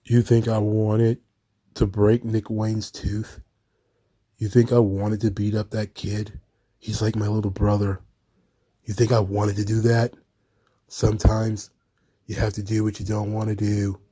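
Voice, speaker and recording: A man's voice: on the low side, a little slow, pauses often, no room sound, voice pushed down. A man doing a dull, brooding wrestler voice. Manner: dull monotone delivery.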